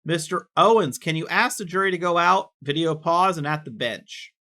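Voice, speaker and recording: A man reading court records aloud with casual commentary, quick and offhand, dropping in personal asides. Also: on the high side, bright, forceful tone.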